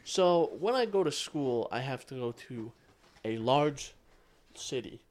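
A man's voice: medium pitch, expressive, measured pace, a little mellow. A man co-hosting a podcast in casual chat, ranting bluntly with plenty of swearing. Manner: blunt, profane, grumbling rants. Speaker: podcast co-host.

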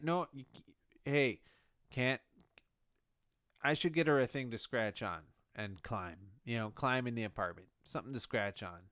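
A man delivering a rambling comic monologue, halting and sheepish, often correcting himself mid-sentence. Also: mid-range voice, fairly bright tone, smooth, no room sound, clean studio sound. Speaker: comedic monologue host.

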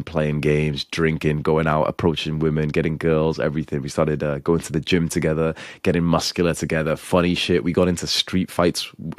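A man's voice: very deep voice, no room sound, clean studio sound. A young man giving blunt, profane dating advice in a lecturing, scolding manner.

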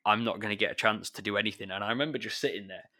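A man, a secondary school maths teacher, talking in a relaxed chat and acting out his pupils as he tells stories. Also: lowish voice, racing. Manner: chatty, animated when retelling pupils. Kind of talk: casual chat.

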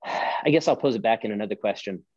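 Brief: male pastor guest, low voice, emphatic preaching cadence, dull lo-fi sound. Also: quick pace, darkish tone, dry recording. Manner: emphatic, preacherly, rhetorical questions. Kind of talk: podcast conversation.

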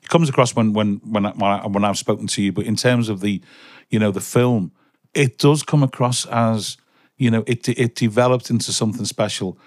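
A man's voice: fairly low pitch, brisk, a little mellow, no room sound, studio quality. A man hosting a podcast, asking long questions with many restarts. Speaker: podcast host. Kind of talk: interview questions.

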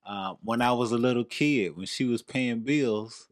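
A man with a Southern accent, co-hosting a casual podcast chat with his wife and telling stories with lively quoted voices. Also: medium pitch, normal speed, no room sound, studio quality. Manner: animated storyteller, acts out quoted voices. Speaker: podcast co-host.

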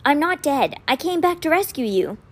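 A woman reading aloud puts on an earnest teenage boy in a storybook, his voice pitched high and swinging widely as he pleads urgently with his twin. The delivery is expressive and urgent. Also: moderate pace. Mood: pleading.

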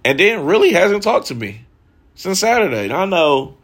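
A man in his thirties hosts a candid personal monologue in a high, slightly bright, husky voice with big pitch swings and a moderate pace. He's frank and reflective, swears freely, and says "like" constantly.

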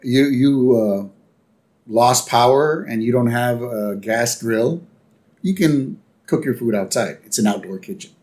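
A man co-hosting a podcast, chatting casually and acting out cartoon lines in quick voices. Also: mid-range voice. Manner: animated, acts out character lines in quick voices. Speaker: podcast co-host. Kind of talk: casual chat recapping a cartoon episode.

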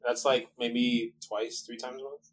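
A man's voice: mid-range voice, completely flat delivery, measured pace, slight background noise, low-quality recording. A man guest in casual podcast chat, rambling and laughing often.

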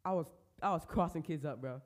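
High-voiced young man telling stories. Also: a little fast. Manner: animated storytelling with slang. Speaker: podcast co-host. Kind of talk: casual chat.

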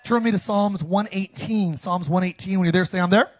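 A man preaching a sermon as pastor, reading scripture and calling the congregation to repeat after him, with sudden loud, animated bursts. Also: sits high, brisk. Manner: call-and-response, animated with sudden loud lines.

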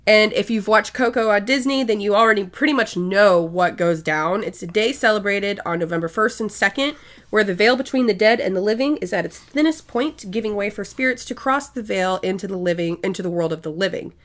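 A woman co-hosting a podcast, reading history notes in a steady way and laughing along with casual banter. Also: medium pitch. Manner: reads facts steadily, quick to laugh along. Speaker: podcast co-host.

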